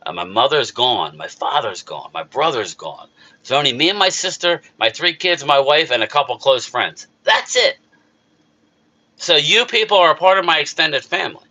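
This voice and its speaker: A man's voice: fairly high pitch, lively intonation, a little fast, bright, forceful tone. A middle-aged man with a South Jersey accent, hosting a casual live chat on his sports channel, rambling and emotional as he answers viewers. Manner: rambling, emotional, talks back to chat readers. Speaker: YouTube sports channel host.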